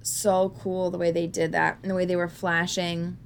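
Woman, podcast co-host, lowish voice, candid jokey chat, faint hiss behind. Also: level tone, normal speed, vocal fry. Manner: candid, jokey, laughs often. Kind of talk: casual podcast chat about a film.

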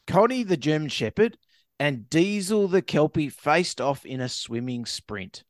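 A podcast co-host with a slightly high voice reads a news story aloud, speaking a little slowly with big pitch swings and tossing in jokey asides. It's casual comedic podcast chat with a dry, studio-quality recording.

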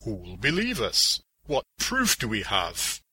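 A man voicing a weary grown man who plays a superhero, speaking earnestly and gravely. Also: on the low side, wildly swooping pitch, slow pace, pushed and bright, dry recording, heavily acted.

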